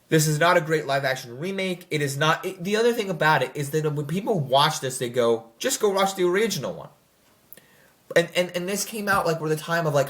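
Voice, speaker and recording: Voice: medium pitch, fairly bright tone. A young adult film reviewer in casual, rambling commentary, full of fillers and self-corrections, who slips into mocking quoted voices.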